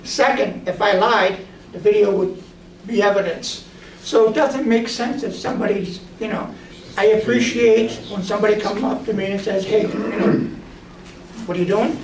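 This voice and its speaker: A man's voice: high-pitched, normal speed. A man casually telling stories about his drone photography work, animatedly acting out the voices of the people he quotes. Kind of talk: casual storytelling. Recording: roomy, distant mic, noisy.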